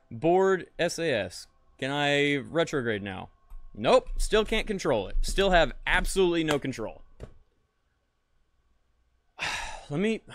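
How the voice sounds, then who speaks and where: A man's voice: on the high side, no echo. A young man streaming a space game, talking to chat and muttering in frustration, swearing often. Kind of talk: casual live-stream commentary.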